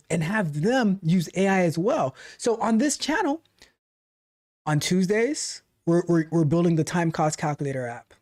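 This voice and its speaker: A man's voice: high-pitched, darkish tone. A man hosting a coding livestream as a tech coach, talking casually and emphatically, repeating phrases for stress and reading out the chat.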